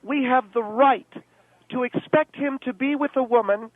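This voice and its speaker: Man putting on a haughty high-pitched society lady. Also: moderate pace, no room sound. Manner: haughty, gushing, calls people darling. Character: pompous gossiping American society lady, middle-aged. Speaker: guest character on radio show. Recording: tinny phone line.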